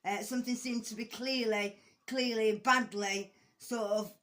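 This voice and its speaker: A woman's voice: on the high side, fairly even intonation, measured pace, fairly bright tone. Hesitant woman recapping a court case. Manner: hesitant, many ums and restarts, casual swearing; blunt, conversational. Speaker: true-crime commentator. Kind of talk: casual spoken commentary.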